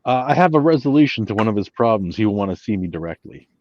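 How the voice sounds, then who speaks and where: A man playing a character in an online tabletop game, hesitant and thinking out loud. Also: lowish voice, expressive, fast, lo-fi sound. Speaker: player. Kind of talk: casual tabletop play over a call. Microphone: online voice call.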